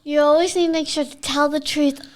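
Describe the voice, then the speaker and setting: A woman with a high voice chats as a podcast guest. She is earnest and eager and speaks in simple, plain phrases. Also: flat delivery, normal speed, very noisy. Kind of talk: casual chat.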